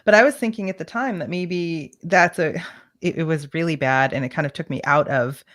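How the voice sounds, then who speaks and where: A woman's voice: sits low, fairly quick, a little hiss or hum. A woman from Massachusetts co-hosting a casual interview, dropping wry, laughing quips. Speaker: co-host.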